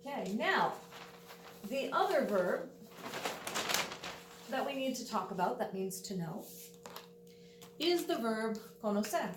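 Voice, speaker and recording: Woman teacher, patient and dryly funny, slightly high voice, faint hum behind. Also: sing-song, takes it slowly, pauses often. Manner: patient, explains step by step, wry asides. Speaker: Spanish teacher. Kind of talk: classroom video lesson. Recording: echoey room, voice from a distance.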